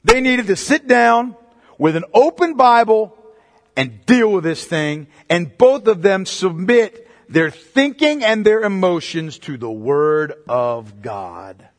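A male pastor preaching a sermon emphatically, often asking the congregation rhetorical questions. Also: on the high side. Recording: long reverb of a large hall.

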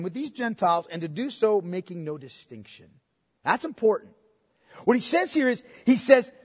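A man with a strikingly high voice preaches an expository sermon in a large church sanctuary. He pushes each point with emphasis and keeps checking in with his congregation through tag questions. His voice trails off into a long, echoing hall reverb. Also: breathy edge. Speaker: pastor.

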